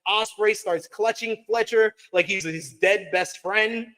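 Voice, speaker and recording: Podcast wrestling reviewer, male, young adult, high voice, brisk play-by-play recap. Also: poor audio. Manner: fast play-by-play recap with excited asides. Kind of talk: casual recap of a wrestling show.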